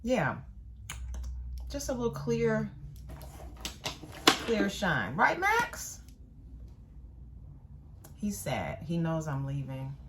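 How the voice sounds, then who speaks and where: A middle-aged woman vlogging casually, playful and animated, chatting to her pet and her viewers. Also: low-pitched, slow, pauses often. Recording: faint background noise.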